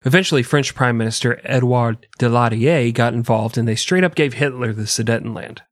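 A man narrates history for a comedy podcast, mixing facts with crude jokes and frequent laughter. His voice sits at an ordinary male pitch, and the room sounds dry and close. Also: a little fast, dry recording. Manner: crude, joking, laughs often. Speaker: podcast host.

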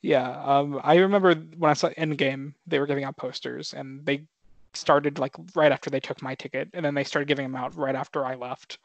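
A man's voice: medium pitch, fairly even intonation, brisk, creaky, no room sound, highs cut off. A young man co-hosting a podcast, laid-back and filler-heavy, steering the talk with questions to his guests. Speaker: podcast co-host. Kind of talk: casual chat.

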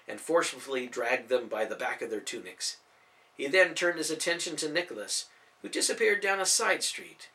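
A man narrating a storybook audiobook in an expressive, animated reading. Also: mid-range voice, moderate pace.

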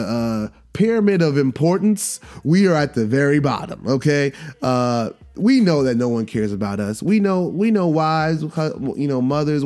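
A man in his thirties, hosting his own podcast and talking in a loose, rambling way full of fillers and restarts. He swears casually and laughs at his own stories. Soft music plays faintly behind his voice. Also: mid-range voice. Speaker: podcast host. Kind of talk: casual solo podcast monologue.

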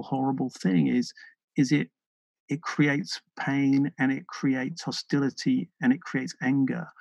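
A British man speaking as a podcast guest, earnest and thoughtful, often pausing and restarting his sentences. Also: medium pitch, gravelly, slightly rough, dry recording, rough recording. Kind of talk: reflective interview conversation.

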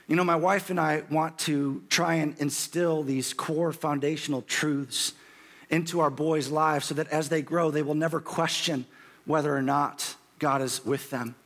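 Hoarse pastor preaching, higher-pitched man. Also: fairly even intonation, moderate pace, fairly bright tone. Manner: rises in pitch and volume when quoting scripture. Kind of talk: sermon.

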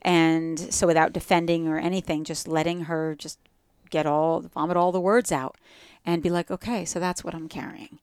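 A woman's voice: sits low, little pitch movement, normal speed, hardly any pauses, a little mellow, smooth, no room sound. A woman with a New Jersey accent, a guest in a casual podcast conversation, speaking reflectively about spiritual growth. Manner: reflective, spiritual, talks in metaphors.

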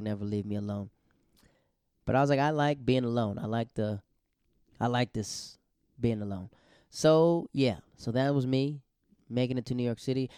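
A man hosting a solo podcast, talking in a rambling, self-correcting way with sudden bursts of excitement. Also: mid-range voice, clear, resonant tone, no room sound, clean studio sound. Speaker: podcast host.

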